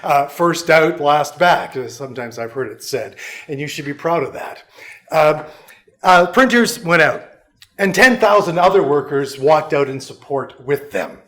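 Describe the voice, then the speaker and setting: Wry, fairly high-voiced male lecturer. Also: lively intonation, unhurried, a bit bright. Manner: conversational, wry and self-mocking asides. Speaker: history professor, guest lecturer. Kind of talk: lecture to a union school.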